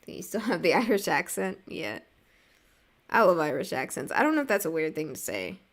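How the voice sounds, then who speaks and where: A woman's voice: on the low side, very animated, brisk. A young American woman chatting casually on her livestream while drawing, reading viewer messages aloud and rambling with lots of "like" and small laughs. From United States. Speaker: art streamer.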